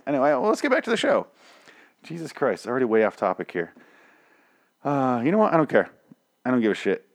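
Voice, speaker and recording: Young male podcast host, low voice gone weak, sarcastic swearing review rant. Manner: profane, sarcastic and exasperated. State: weak, strained voice. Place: home room with dogs. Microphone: desk microphone.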